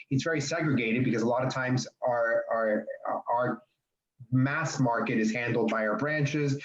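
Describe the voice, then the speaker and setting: A man's voice: mid-range voice, reverberant, muffled recording. A man, a bank manager on a webinar panel, telling a story in a conversational way full of restarts and fillers over a video call.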